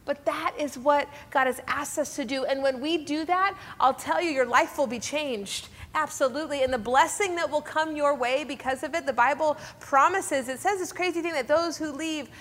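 A woman in her thirties talks about faith in an earnest, conversational way and keeps turning to her listeners. Her voice sits high. The recording carries a long reverb tail. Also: normal speed, hardly any pauses, a bit bright. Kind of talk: faith talk.

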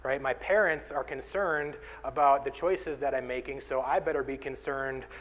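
A man's voice: medium pitch, steady tone, moderate pace, a bit bright, low-quality recording. Earnest man preaching a sermon. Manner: earnest, direct exhortation. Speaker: pastor.

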